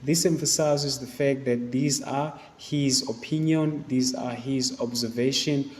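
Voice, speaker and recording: A man's voice: medium pitch, fairly even intonation, unhurried, a little mellow, in a large hall, a little hiss or hum. A man teaching a literature exam review. He talks students through each question and uses plenty of fillers and asides. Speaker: English teacher.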